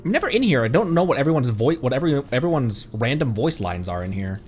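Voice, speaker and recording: A man's voice: medium pitch, big pitch swings, fast, darkish tone, faint music behind. A male streamer giving casual gameplay commentary, joking, laughing often and talking back at the game.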